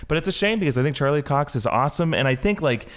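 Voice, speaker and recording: A man's voice: a little high, lively intonation, fast. A man hosting a casual pop-culture chat show, steering the talk in an easygoing way. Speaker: show host.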